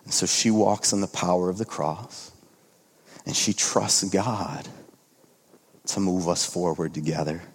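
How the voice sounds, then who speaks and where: A male pastor in his thirties delivers a conversational sermon in a somewhat low voice. He talks earnestly, dropping to a hush and then rising with excitement. The sound carries a long reverb from a large hall. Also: unhurried, long pauses, breathy edge. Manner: earnest, shifting between hushed and excited.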